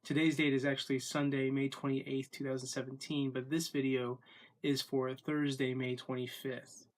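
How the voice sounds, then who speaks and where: A man's voice: mid-range voice, flat delivery, moderate pace. Man rambling through a daily vlog. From Florida. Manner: rambling, lots of ums and self-corrections. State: has the hiccups. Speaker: vlogger.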